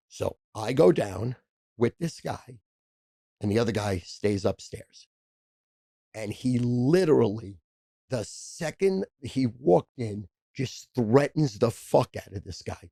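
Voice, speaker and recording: A man's voice: medium pitch, lively intonation, creaky, mellow, dry recording. A man, a podcast guest telling profane, brash stories in casual chat. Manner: brash, profane, rapid storyteller.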